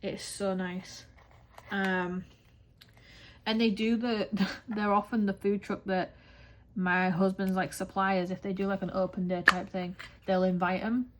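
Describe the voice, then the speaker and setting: A woman's voice: mid-range voice, measured pace, background noise. Chatty English woman, rambling and sweary. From England. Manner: rambling, animated, swears casually. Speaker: craft vlogger. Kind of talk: chatty vlog monologue.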